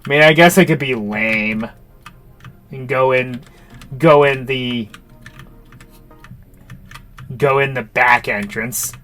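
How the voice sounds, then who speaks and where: A man's voice: medium pitch, slow, long pauses, fairly bright tone, faint music behind. A man casually talking to himself while playing a video game, with offhand joking asides.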